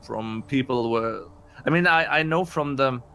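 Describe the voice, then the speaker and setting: Guy playing a tabletop game, stops and starts a lot, slow, um-heavy. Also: medium pitch, gravelly, sharp tone, a little hiss or hum. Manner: halting, hesitant, many fillers. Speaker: player.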